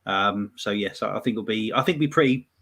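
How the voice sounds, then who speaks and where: Low-voiced English fan, measured. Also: male voice, fairly bright tone. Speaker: guest fan. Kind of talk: casual football fan chat.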